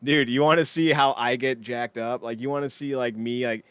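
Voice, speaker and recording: A man's voice: mid-range voice, fairly even intonation, moderate pace, fairly bright tone, clear, resonant tone, no room sound. A man co-hosting a wrestling podcast, casual chat, opinionated, rambling and jokey. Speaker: podcast co-host.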